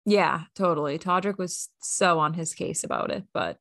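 A woman's voice: on the low side, normal speed, fairly bright tone, dry recording, clean studio sound. A woman hosting a podcast, chatting casually and upbeat with lots of fillers. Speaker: podcast host. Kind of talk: casual recap chat.

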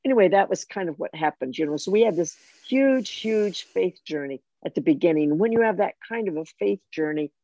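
An older woman telling a personal faith story in conversation, animated and self-mocking, with frequent restarts. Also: fairly low pitch, brisk, hardly any pauses, dry recording. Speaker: guest sharing her testimony.

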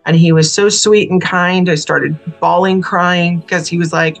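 A woman's voice: lowish voice, fairly even intonation, a little slow, hardly any pauses, soft background music, poor audio. A woman who is a guest spiritual healer, earnestly telling a personal story in a casual podcast chat from a small bedroom studio. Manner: earnest, emotional, laughing.

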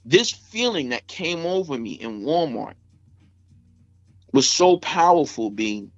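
A man's voice: on the high side, sing-song, takes it slowly, dry recording, faint music behind. Rambling New man, dull dry audio. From Staten Island, New York. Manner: rambling, heavy with fillers like "you know what I'm saying". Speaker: interview guest, rapper. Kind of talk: casual emotional storytelling.

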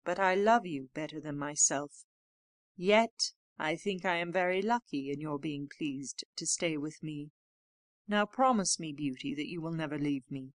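A sorrowful male beast from a storybook, low and gruff, speaking with humble, awkward politeness, as a woman reader puts him on. The voice is dry and close. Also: unhurried, no echo. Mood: pleading. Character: gentle, sad, clumsy male beast.

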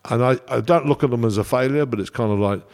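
A chef from England, his voice mid-range and his pace quick, is telling rambling stories in a casual chat. He's animated and anecdotal throughout.

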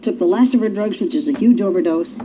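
A woman's voice: medium pitch, animated, fast talker. An older woman speaking at a recovery meeting, telling her story in a folksy, emphatic way with exclamations. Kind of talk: personal recovery talk to a meeting. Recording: dull lo-fi recording with faint hiss.

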